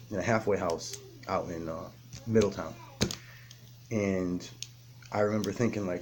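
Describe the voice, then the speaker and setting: A man's voice: lowish voice, darkish tone, a little hiss or hum. A man telling his own addiction recovery story in a raw, blunt way, swearing often and restarting his sentences. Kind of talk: candid personal recovery story.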